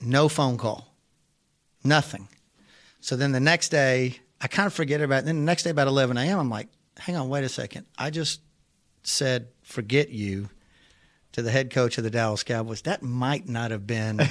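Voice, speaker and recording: A man tells a story as a podcast guest, chatty and animated, breaking into laughter often. His voice sits at an ordinary middle pitch. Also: brisk. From Arkansas. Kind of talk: casual storytelling.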